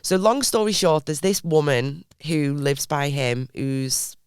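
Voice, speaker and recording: A woman's voice: deep voice, expressive, slow, smooth, dry recording, clean studio sound. A woman co-hosting a podcast, chatting casually, teasing, laughing often and swearing. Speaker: podcast co-host. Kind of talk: casual chat.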